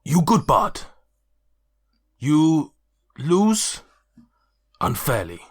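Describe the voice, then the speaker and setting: A man's voice: on the high side, big pitch swings, extremely slow, slightly rough, voice pushed up, full character voice. A man voicing a blunt half-orc woman who speaks in clipped, broken grammar in a tabletop game. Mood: teasing.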